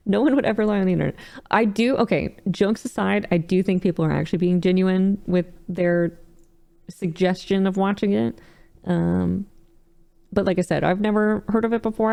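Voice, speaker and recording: A woman's voice: on the low side, gravelly. Woman streamer reacting with laughs. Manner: animated, laughs often, swears casually. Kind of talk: casual live-stream reaction.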